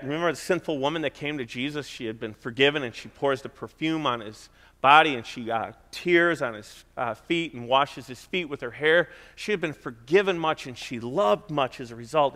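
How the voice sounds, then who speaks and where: A man's voice: mid-range voice, brisk, fairly bright tone, big-room sound. A middle-aged man preaching a sermon in a conversational way, stressing points by repeating them. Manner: conversational preaching with emphatic repetition. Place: church.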